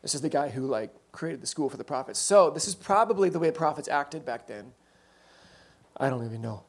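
A man preaching a sermon, telling the story conversationally with quick asides and self-corrections. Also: on the high side, lively intonation, slightly rough.

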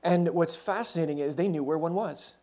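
A man preaching a sermon, telling the story conversationally with quick asides and self-corrections. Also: a little high, darkish tone.

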